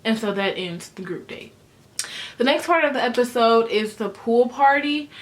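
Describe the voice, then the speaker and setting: A woman's voice: a little high, animated, moderate pace. A young woman giving a chatty, sassy recap of a reality show, full of slang. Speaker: recap vlogger. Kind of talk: casual TV recap.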